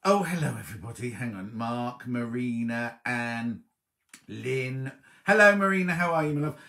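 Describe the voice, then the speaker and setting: A man hosting a casual live stream from home, chatting warmly and reading out viewers' comments, with a slight cough. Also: medium pitch, animated, normal speed, gravelly. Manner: chatty, affectionate, reads viewers' comments aloud. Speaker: livestream host.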